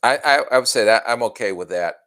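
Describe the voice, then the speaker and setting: Deep-voiced man giving measured answers. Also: a bit bright, no room sound. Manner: measured, plain-spoken, brief answers. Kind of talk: casual sports podcast chat.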